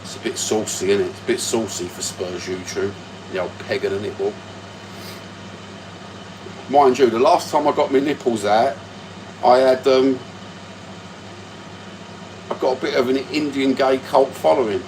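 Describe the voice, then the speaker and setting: A man's voice: mid-range voice, fairly even intonation, normal speed, pauses often, noisy background. A man, hosting a casual livestream from home with crude, sweary banter into his phone. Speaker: livestream host.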